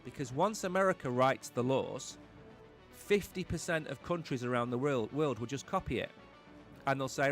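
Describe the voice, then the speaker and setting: A man's voice: medium pitch, lively intonation, a little fast, fairly bright tone, faint music behind. A man hosting a live-stream crypto market show, talking in an emphatic, blunt, opinionated way.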